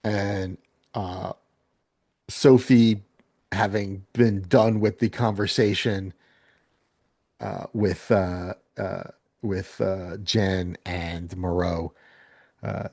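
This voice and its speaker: A man's voice: sits low, fairly even intonation, drawn-out words, vocal fry, long pauses, a little mellow, dry recording, clean studio sound. A man narrating as game master of a tabletop game, rambling with lots of fillers.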